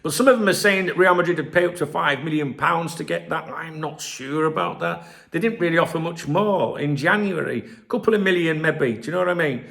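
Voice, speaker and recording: A middle-aged man with a gravelly, slightly raised voice runs through the football news on his own channel. He talks in a loose, rambling way, straight to his viewers, and drops in a swear word here and there. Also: fairly high pitch, fairly quick, a bit bright. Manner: rambling, chatty, swears freely. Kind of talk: casual solo commentary to camera.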